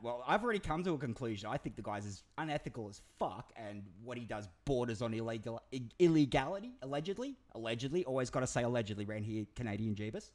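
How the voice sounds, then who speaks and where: A man hosts a loose commentary chat, his voice rising and falling a lot. He talks in an excitable, rambling way and swears freely. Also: mid-range voice. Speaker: commentary channel host.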